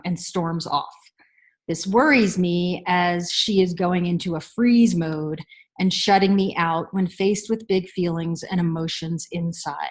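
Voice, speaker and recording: A woman parenting coach answering listener questions in a measured, reflective way, with thoughtful pauses. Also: on the low side. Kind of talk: unscripted advice talk.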